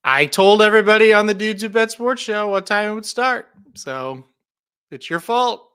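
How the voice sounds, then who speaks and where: A man's voice: sits high, animated, moderate pace, a bit bright, clear, resonant tone. A man co-hosting a podcast, telling stories in a dry, emphatic way. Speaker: podcast co-host. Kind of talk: casual chat.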